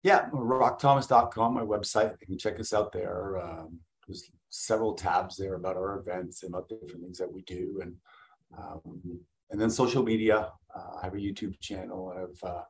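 A middle-aged man from Canada, a guest and event speaker, talking in a blunt, energetic, salesman-like way in a casual interview. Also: sits low, normal speed, vocal fry, low-quality recording.

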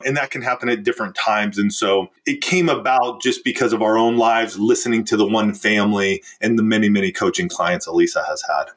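A man's voice: fairly low pitch, steady tone, fairly quick, hardly any pauses, a bit bright. Earnest man coaching on marriage. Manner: earnest, emphatic, acts out quoted speech. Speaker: guest relationship coach. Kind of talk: conversational storytelling.

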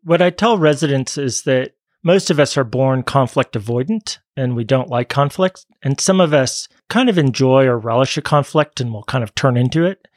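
Male doctor guest, measured and reflective, dry close sound. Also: medium pitch, dry recording. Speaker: physician guest. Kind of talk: podcast conversation.

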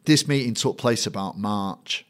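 Middle-aged Mancunian man, lowish voice, lively raconteur who slips into other people's voices as he tells a story. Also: unhurried. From Manchester, England. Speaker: guest, matchday compere. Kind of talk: anecdotal storytelling in a conversation.

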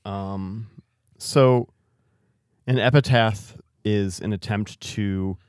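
A man co-hosting a podcast in casual chat, soft-spoken and wry, getting over an illness. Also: lowish voice, fairly even intonation, extremely slow, smooth, no echo, clean studio sound. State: recovering from illness. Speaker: podcast co-host.

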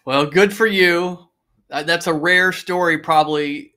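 A man's voice: a little high, steady tone, measured pace, bright, forceful tone. A man co-hosting a podcast, responding in an affirming, conversational way. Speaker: podcast co-host. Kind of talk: casual chat.

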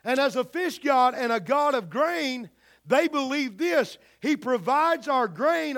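A man's voice: very high-pitched, expressive, measured pace, fairly bright tone. A man preaching a sermon, pressing the same rhetorical questions again and again in a preaching cadence.

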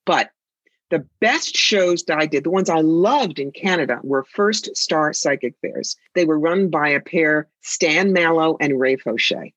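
Sassy, husky-voiced woman psychic. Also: low-pitched, unhurried, fairly bright tone, no room sound, dull audio. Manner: sassy, theatrical storyteller. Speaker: psychic and author. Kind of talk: interview conversation.

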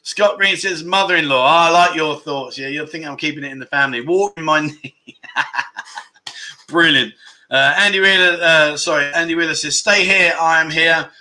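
A man's voice: on the high side, moderate pace, pushed and bright. A middle-aged man hosting a casual livestream, reading out viewer comments with jokes and frequent laughter. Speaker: livestream host.

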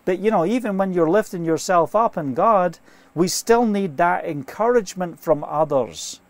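A man's voice: high-pitched, expressive, moderate pace, dry recording. A man preaching an informal sermon, earnest and fervent, telling stories and quoting scripture, speaking from inside a trailer.

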